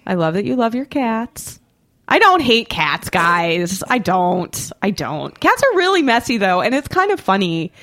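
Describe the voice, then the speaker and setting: A woman's voice: medium pitch, very animated, unhurried, a bit bright. Teasing chatty woman podcast host. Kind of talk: casual podcast chat.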